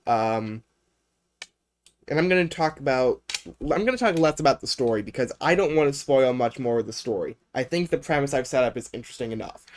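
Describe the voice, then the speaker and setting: A man's voice: mid-range voice, lively intonation, moderate pace, a little hiss or hum. A young man presenting a video game on a livestream, rambling off script with lots of ums and uhs.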